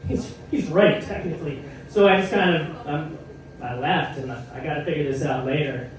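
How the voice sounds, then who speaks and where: A man's voice: on the high side, moderate pace. A male stand-up comedian telling a story in a conversational way with wry asides, on a comedy club stage. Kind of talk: stand-up set. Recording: echoey live room, heard from a distance.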